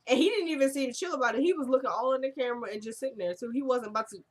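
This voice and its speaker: Chatty woman recapping a drama episode. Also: very fast. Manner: chatty, rambling, many fillers and self-corrections; drops into quieter, lower tones when quoting characters. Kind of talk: casual recap commentary.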